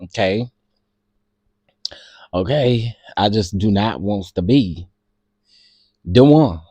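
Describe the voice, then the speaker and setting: A man's voice: lowish voice, lively intonation, warm tone, slightly rough, no echo, lo-fi sound. Giggly man in casual commentary. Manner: laughing fits, drawn-out teasing, slangy. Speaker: commentary host.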